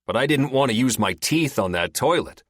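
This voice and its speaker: A gruff, short-tempered soldier, as an audiobook narrator acts him. He speaks bluntly and curtly. Close, dry recording. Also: medium pitch, animated, normal speed, no echo, pitched above the performer's own voice, natural voice. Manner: blunt, curt, swearing. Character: gruff irritable male special-ops soldier.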